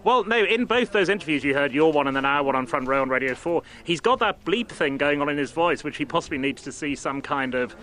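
Bright-voiced radio interviewer. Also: male voice, fairly high pitch, expressive, fairly quick, hardly any pauses. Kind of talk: radio discussion.

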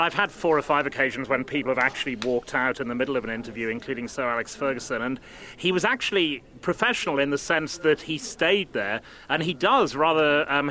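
A man who works as a radio interviewer, speaking in a measured, thoughtful way with some hesitations. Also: mid-range voice, bright, forceful tone. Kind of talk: radio discussion.

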